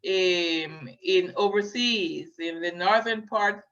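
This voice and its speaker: Slow, hesitant woman lecturing. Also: on the low side, a bit bright. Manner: hesitant, many fillers, checks in with "okay?". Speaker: linguistics lecturer. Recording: dull lo-fi recording.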